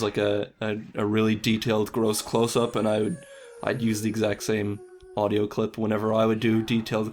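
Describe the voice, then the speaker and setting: A man's voice: lowish voice, a little mellow. A young man, an animator, talking casually in an interview, rambling and self-deprecating, with casual swearing.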